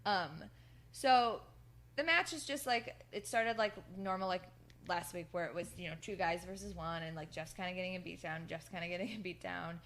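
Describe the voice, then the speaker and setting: A woman's voice: on the low side, normal speed, fairly bright tone. Rambling woman recapping wrestling. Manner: rambling, lots of fillers, laughs through quotes. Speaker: podcast co-host. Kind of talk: casual chat recapping wrestling.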